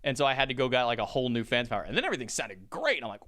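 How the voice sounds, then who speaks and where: Man, quick rambling talker, clear resonant voice, casual storytelling, lots of fillers. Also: mid-range voice, animated, a bit bright. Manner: rambling, many "like" fillers and restarts. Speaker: esports caster and podcast guest.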